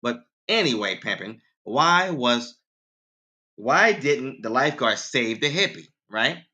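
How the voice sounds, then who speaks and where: Very animated yet slow, his voice sounds pushed and bright. He hosts a casual radio show, telling dad jokes he laughs at himself and talking right to his listeners, with quoted voices climbing far higher in pitch.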